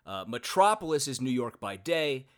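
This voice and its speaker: A man's voice: mid-range voice, very animated, normal speed, fairly bright tone. A man hosting a podcast in casual chat, talkative and self-deprecating, with plenty of filler words. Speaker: podcast host.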